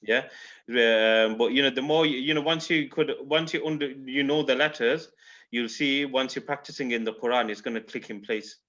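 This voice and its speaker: A man's voice: mid-range voice, fairly even intonation, normal speed, fairly bright tone, muffled recording. A man teaching a recitation class online, explaining patiently and often checking in with "yeah?". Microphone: video call microphone.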